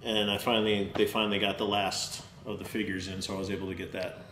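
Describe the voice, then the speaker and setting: A man's voice: lowish voice, level tone, fast talker, fairly bright tone. A man co-hosting a casual toy-collecting podcast, chatting and teasing his co-hosts. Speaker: podcast co-host. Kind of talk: casual chat. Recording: echoey room, faint hiss.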